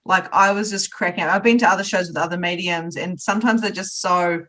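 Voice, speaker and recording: A woman's voice: lowish voice, brisk, a bit bright. A woman hosting an interview, enthusiastic and gushing, with many "like"s and "um"s. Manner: gushing, enthusiastic, frequent fillers. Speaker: podcast host. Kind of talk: casual interview chat.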